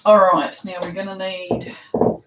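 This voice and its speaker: A woman's voice: medium pitch, little pitch movement, unhurried, recorded from a distance. Chatty Australian woman in an echoey room. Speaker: soap shop owner packing orders. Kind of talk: casual live-stream chat while working. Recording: echoey room, voice somewhat off mic, faint noise.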